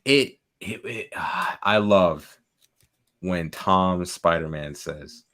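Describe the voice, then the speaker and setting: Excitable young man, low voice. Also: very slow. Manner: excitable, heavy use of "like", laughs often. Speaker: podcast co-host. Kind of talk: casual chat.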